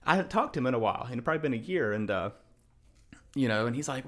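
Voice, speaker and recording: A young man in his twenties tells a story on a podcast in a casual way. He is animated and acts out the lines of the people in it, and he laughs often as he goes. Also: medium pitch, quick pace. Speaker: podcast guest.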